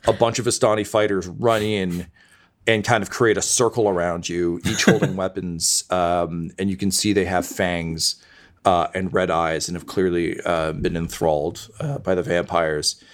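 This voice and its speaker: A man's voice: sits low, steady tone, moderate pace. A man narrating as game master in loose, joking talk with many fillers.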